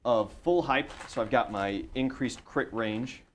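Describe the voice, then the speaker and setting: A man playing a tabletop game, relaxed and casual, counting out dice rolls aloud. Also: mid-range voice, unhurried, slight background noise. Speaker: player.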